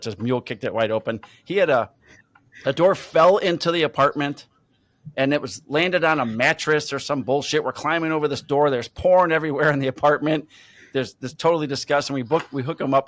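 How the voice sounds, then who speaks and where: A man's voice: mid-range voice, no echo. A man in casual chat, telling a police story with energy and some swearing. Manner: energetic, swearing, quick to laugh.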